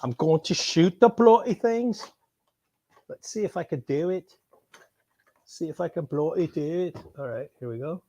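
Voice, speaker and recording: A man's voice: a little high, measured pace, slight background noise, low-quality recording. Rambling, swearing man unboxing toys. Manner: rambling, swears often, bursts of loud excitement. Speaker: vlogger. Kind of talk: casual unboxing vlog. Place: someone else's home. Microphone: external mic on camera.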